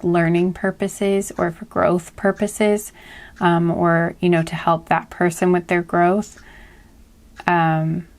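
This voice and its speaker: A woman reads tarot cards in a casual, soft way, pausing often and restarting her sentences. Her voice sits fairly low and stays flat in pitch. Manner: soft, hesitant, many fillers and restarts. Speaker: tarot reader. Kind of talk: casual spoken tarot reading.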